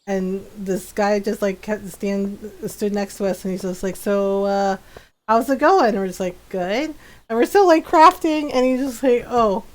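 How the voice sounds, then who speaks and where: While she games, a woman streamer spins casual stories, laughing a lot and acting out quotes. Her voice is mid-range and a little mellow, at normal speed with few pauses.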